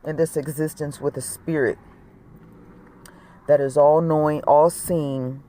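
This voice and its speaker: Middle-aged spiritual talker, real slow and earnest, keeps repeating words for emphasis. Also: mid-range voice, fairly even intonation, mellow. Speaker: spiritual speaker. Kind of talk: reflective spiritual monologue.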